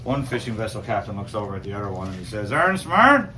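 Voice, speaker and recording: A man's voice: lowish voice, steady tone, very fast, a little hiss or hum. A man with a Newfoundland accent leading a crowd through a joking screech-in ceremony, playful and teasing. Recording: distant mic with loud background.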